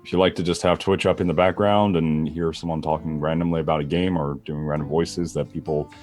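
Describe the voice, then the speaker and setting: A man playing in the game, chatting casually about his own streams with hesitant, halting pauses. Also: rumbling low, level tone, a little mellow, soft background music. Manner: hesitant, many filler pauses. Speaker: player and streamer. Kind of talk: casual chat.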